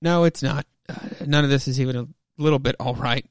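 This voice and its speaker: A man's voice: medium pitch, fairly quick, clear, resonant tone, dry recording, clean studio sound, lightly acted. A man voicing a young, exhausted male school principal who swears and rambles. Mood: frazzled.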